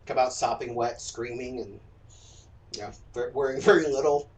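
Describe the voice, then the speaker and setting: Speaking with a Southern US accent, a game streamer chats casually, lecturing with jokes mixed in. He has a medium-pitched voice and a moderate pace, and the sound carries a roomy echo from a distance.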